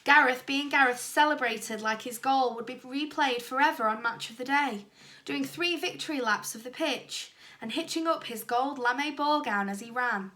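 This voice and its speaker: A woman teacher reading a children's storybook aloud, lively and expressive. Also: high voice, normal speed. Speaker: primary school teacher.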